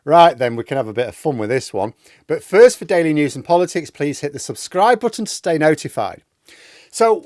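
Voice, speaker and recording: A man's voice: a little high, dry recording, clean studio sound. A man hosting a political commentary monologue, speaking in a sarcastic, mocking way.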